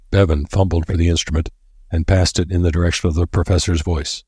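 Deep, husky male audiobook narrator. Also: fast talker, no echo, studio quality. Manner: steady, even reading.

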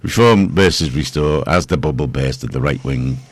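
A man's voice: a bass voice, normal speed, no echo. A man hosting a local radio show, chatting casually in a rambling, jokey way. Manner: rambling, jokey, self-mocking. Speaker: radio host.

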